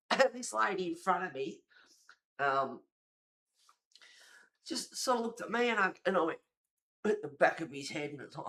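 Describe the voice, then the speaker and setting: A chatty woman hosting a colouring livestream from home. Her talk is lively and gossipy, with the occasional swear word thrown in. She sounds relaxed, like she's catching up with friends over a cuppa. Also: lowish voice. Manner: animated, gossipy storytelling with swearing. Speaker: livestream host. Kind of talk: casual chat while colouring on a livestream.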